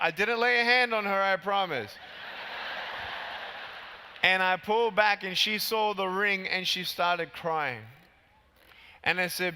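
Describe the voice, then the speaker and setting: A man's voice: slow, pauses often, sharp tone, slight background noise. Emphatic man speaking in a big reverberant hall. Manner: emphatic, punchy, rises high when stressing points. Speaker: keynote speaker. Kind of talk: motivational keynote speech. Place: large convention hall.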